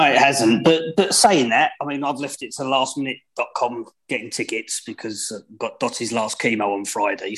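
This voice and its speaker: A man chatting on a casual football podcast, halting and stammering at the start of his sentences. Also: medium pitch, a bit bright, slightly rough. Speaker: podcast guest.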